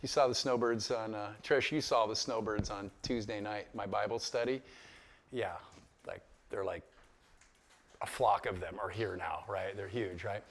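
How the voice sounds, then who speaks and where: A man leading a Bible study, speaking in an animated, conversational storytelling way with frequent asides and questions to the group. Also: on the low side, moderate pace, slight background noise. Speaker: pastor. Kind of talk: casual Bible study teaching.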